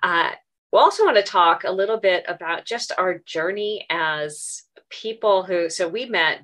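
A woman's voice: fairly low pitch, lively intonation, a little slow, fairly bright tone. A woman hosting an online community meeting, talking casually with many fillers.

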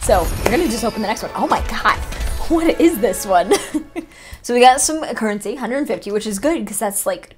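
A young woman chatting excitedly as she opens items on her gaming vlog, full of rambling asides. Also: mid-range voice. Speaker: gaming vlogger. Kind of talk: casual unboxing commentary.

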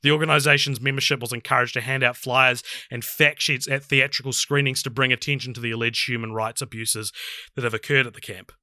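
A young man co-hosting a casual film review podcast, chatty and laughing often, with halting restarts. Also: mid-range voice, fairly even intonation, sharp tone, dry recording, studio quality. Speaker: podcast co-host.

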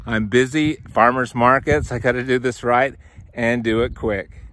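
Breathless bright-voiced farmer filming himself. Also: male voice, medium pitch, fairly even intonation, normal speed, slight background noise. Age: 40s. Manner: upbeat, addresses viewers as guys. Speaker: farmer and channel host. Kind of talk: casual walk-and-talk farm vlog. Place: outdoors in snow and inside a greenhouse. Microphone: handheld camera, filming himself.

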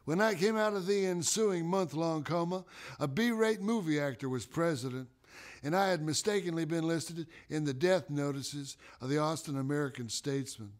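A middle-aged man performs his own life story as a theatrical spoken monologue, talking slowly and deliberately and letting dramatic pauses hang. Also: fairly high pitch. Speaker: performer of a one-man autobiographical play.

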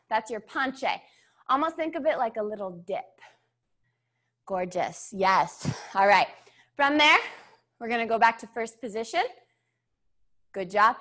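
Cueing steps for beginners in an online ballet class, a young woman sounds a little breathless, her slightly high voice pushed and bright. She encourages her students warmly, counting the beats out loud and asking "yeah?" to check in.

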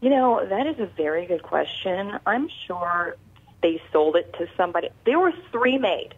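A woman guest calling in to an interview, candid and quick to laugh. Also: medium pitch, big pitch swings, breathy edge, phone-quality sound. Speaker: guest actress. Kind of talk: casual interview chat. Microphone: phone call-in.

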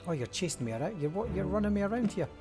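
A man's voice: sits high, big pitch swings, very fast. A man hosting a let's-play, talking casually and thinking aloud as he works through clues. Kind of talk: casual game commentary. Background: game music.

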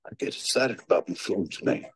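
An actor playing a folksy, boastful male soldier in a comedy film, in a husky put-on drawl. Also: fairly low pitch, fairly quick, no room sound.

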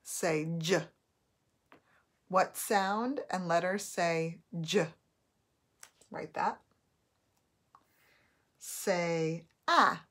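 A woman teacher giving a recorded spelling test, dictating words slowly and repeating each one. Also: fairly low pitch, a bit bright.

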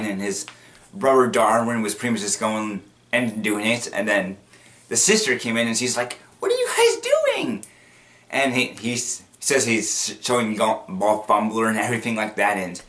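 A man's voice: medium pitch, a bit bright. A man casually recapping a cartoon episode, rambling and repetitive with many restarts, bursting into acted quotes. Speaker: video commentator.

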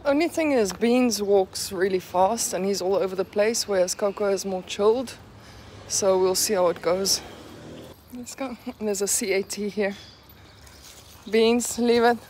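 A woman's voice: mid-range voice, unhurried, a little mellow, a little hiss or hum. A young South African woman vlogging casually, chatting and cooing baby talk at her dogs. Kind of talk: casual daily vlog. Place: home and outdoor walk.

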